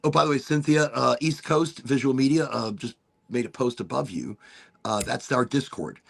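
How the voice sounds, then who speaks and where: A man's voice: medium pitch, normal speed, vocal fry. A man hosting a casual livestream talk show, rambling enthusiastically with playful asides. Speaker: podcast host.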